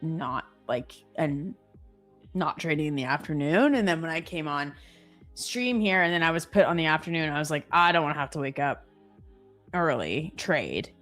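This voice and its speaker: A woman's voice: sits low, lively intonation, normal speed, a bit bright, faint music behind. A young adult woman co-hosting a live trading stream, talking casually and jokily with lots of fillers. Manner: chatty, lots of "like", jokey. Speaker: trader co-host on a live stream. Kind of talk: casual chat.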